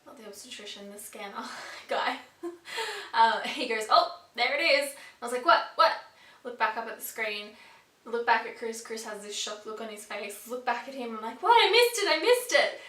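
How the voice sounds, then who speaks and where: A woman's voice: a little high, steady tone, normal speed, bright, forceful tone. A pregnant woman in her twenties chatting casually and upbeat in a vlog, with frequent fillers. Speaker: vlogger. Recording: echoey room, mic a bit distant.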